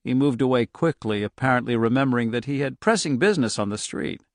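A man reading a novel aloud in steady scripted narration. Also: mid-range voice, fast, no room sound, clean studio sound. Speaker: audiobook narrator.

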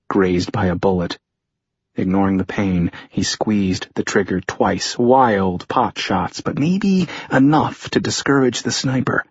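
A man narrating a thriller audiobook in a measured, tense storytelling manner. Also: mid-range voice, husky, dry recording. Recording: dull lo-fi audio.

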